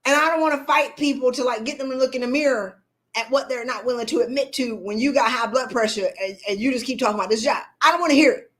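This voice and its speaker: A woman lectures her live-stream viewers in a blunt, preachy way. Her voice sits fairly high, and she keeps calling out to them as y'all. She talks with animated energy. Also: fast. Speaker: leadership coach. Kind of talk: live-stream motivational talk.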